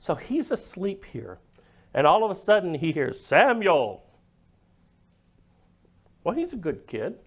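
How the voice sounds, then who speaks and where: A man preaching a sermon, telling the story dramatically and dropping to a hush at moments. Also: sits high, wildly swooping pitch, moderate pace. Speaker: pastor.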